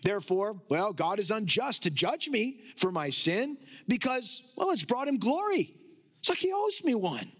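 A smug male objector who excuses his own sin, as a preacher puts him on. His voice is raised high and mocking, with a sing-song lilt. It swoops up and down as he reasons. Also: big pitch swings, normal speed, breathy edge, heavily acted.

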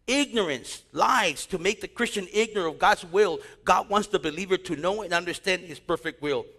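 A man preaching a sermon as pastor, telling stories and quoting scripture in an animated way. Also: high voice, moderate pace, slightly rough. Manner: animated preaching with storytelling asides. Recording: long hall reverb.

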